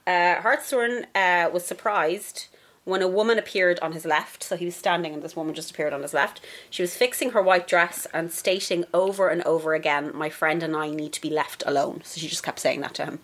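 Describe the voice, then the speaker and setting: Podcast co-host: woman, lowish voice, loose, giggly storyteller. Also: fairly quick, a bit bright. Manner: giggly, loose, reads from notes. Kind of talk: casual chat and story narration.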